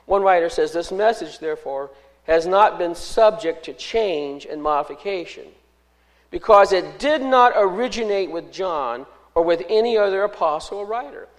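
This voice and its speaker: A man preaching an expository sermon as pastor, measured and emphatic, stressing and repeating key words. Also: high-pitched, animated, rough recording.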